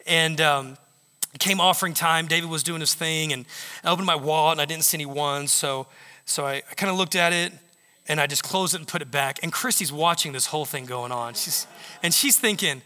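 A male pastor preaching in a church sanctuary, a high, bright voice that tells stories and acts out the lines of others. It rings through a large hall with long reverb. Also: brisk. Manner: animated storytelling, acting out quotes. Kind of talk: sermon.

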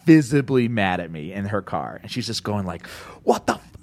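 Animated, swearing male podcast host. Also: fairly low pitch, moderate pace. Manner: animated storyteller, swears freely, laughs often. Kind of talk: casual chat.

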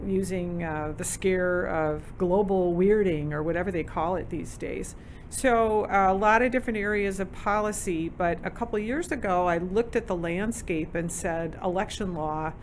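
A woman's voice: lowish voice, a little hiss or hum. A woman with a Minnesota accent speaking as a studio guest, chatty and earnest. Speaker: guest, attorney. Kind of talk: studio interview.

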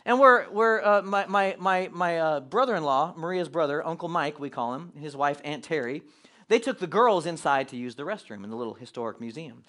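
A middle-aged pastor telling a family story in a sermon, animated and acting out the quotes. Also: male voice, fairly high pitch, a little fast.

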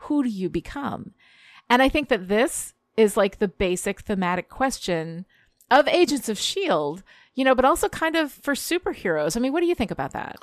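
A woman's voice: on the high side, sing-song, moderate pace, dry recording. Rambling woman, dry close sound. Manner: rambling, lots of "you know", sarcastic asides. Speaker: podcast co-host. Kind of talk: casual chat reviewing a TV episode.

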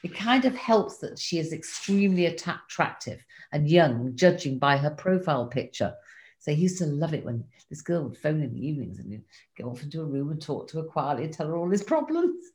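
Older woman, low voice, wry and candid diary reader. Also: very animated, fairly quick, darkish tone. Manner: wry, self-mocking and candid. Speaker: guest recounting a diary. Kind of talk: reading diary entries and casual chat.

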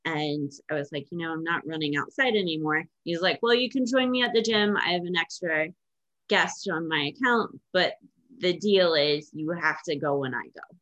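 Low-voiced woman host, muffled sound. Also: moderate pace, a bit bright. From Indiana, USA. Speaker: podcast host. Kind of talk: casual podcast chat.

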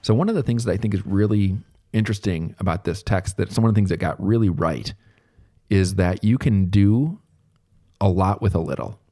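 A man giving a relaxed, conversational recorded lecture as a therapy instructor, thinking aloud as he explains. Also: low-pitched, normal speed.

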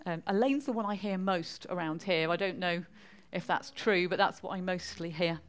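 A woman's voice: fairly low pitch, moderate pace. A woman from northwest England with a Mancunian accent, giving a chatty church talk and quizzing the congregation. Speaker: preacher.

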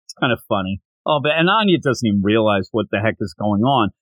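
A man hosting a podcast, casually recapping a manga chapter and acting out the characters' lines with lively shifts of pitch. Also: fast, no echo, highs cut off. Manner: animated retelling with acted-out quotes. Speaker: podcast host.

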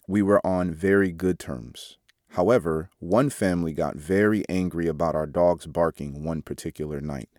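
Man, very low voice, dry close sound, measured devotional reading, quotes read out. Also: darkish tone, no echo. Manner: measured, reads quote marks aloud. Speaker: devotional reader. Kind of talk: read-aloud devotional article.

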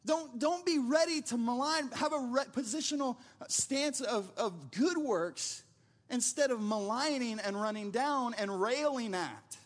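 A man's voice: extremely high pitch, lively intonation, unhurried. A man preaching a sermon as pastor, telling stories in a casual, conversational way with frequent restarts.

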